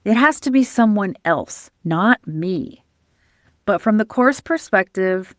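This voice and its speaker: A woman podcast host giving a calm, earnest teaching talk over slides. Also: mid-range voice, slow, dry recording, studio quality.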